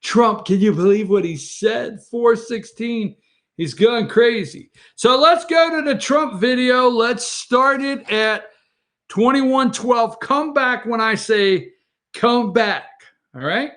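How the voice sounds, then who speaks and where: Excitable man hosting a morning show. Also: very high-pitched, slow pace. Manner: excitable, talks straight to his producer. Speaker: host. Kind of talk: casual political commentary.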